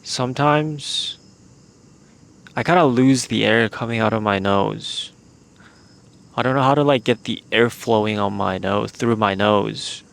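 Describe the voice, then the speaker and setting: Hosting his solo podcast from a remote outdoor spot, a man speaks slowly into a handheld mic in a lowish, gravelly voice full of vocal fry. His talk is casual and meandering, loaded with "like" fillers.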